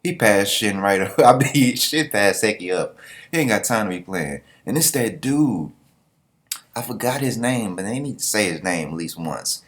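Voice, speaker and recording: Man, casual reaction commentary, lively pitch, slangy and joking. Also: normal speed. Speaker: manga reviewer.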